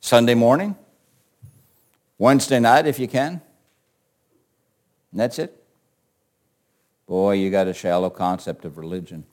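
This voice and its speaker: A man preaching a sermon, asking his listeners rhetorical questions and swinging from quiet asides to forceful declarations. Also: on the low side, a little slow, long pauses. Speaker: pastor.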